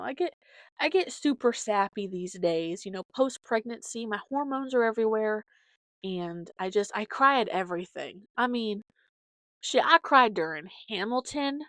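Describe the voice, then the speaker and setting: Rambling casually through stories full of fillers, a young adult woman hosts her own podcast. Her voice is on the high side, pushed and bright, in a dry recording.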